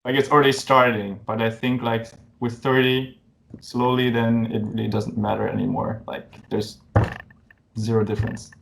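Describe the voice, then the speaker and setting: A man in his twenties with a German accent, a musician guest in a casual interview, relaxed and joking with soft chuckles. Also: medium pitch, moderate pace, vocal fry, slight background noise. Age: 20s.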